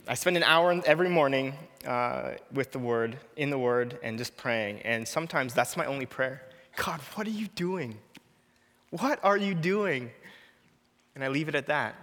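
A man's voice: medium pitch, sharp tone, big-room sound. A man in his thirties preaching an earnest, personal sermon, often repeating a short prayer.

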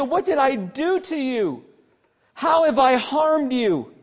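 A man's voice: very high voice, in a large hall, pitched above the performer's own voice. A man acting out a grief-stricken widowed mother who accuses and pleads.

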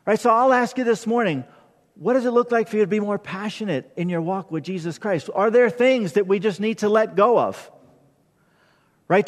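A man preaching as pastor, earnest and conversational, often checking in with "right?" before leading a closing prayer. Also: high-pitched. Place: church sanctuary. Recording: long hall reverb.

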